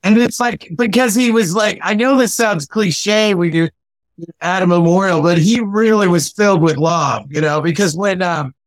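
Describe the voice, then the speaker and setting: High-voiced man, rambling and halting. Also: no room sound. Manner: rambling, halting, many fillers. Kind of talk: casual memorial chat.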